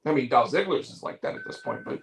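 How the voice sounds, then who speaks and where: Animated, gravelly man in an echoey room. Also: fairly high pitch, fast, a little hiss or hum. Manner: animated, rambling, with restarts. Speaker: podcast host. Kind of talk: casual wrestling chat.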